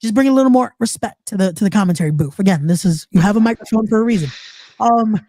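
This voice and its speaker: A man's voice: sits high, lively intonation, fast, a little mellow, no room sound. Man hosting a wrestling podcast, repetitive. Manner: repeats words, playful trash talk. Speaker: podcast host. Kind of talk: casual wrestling podcast chat.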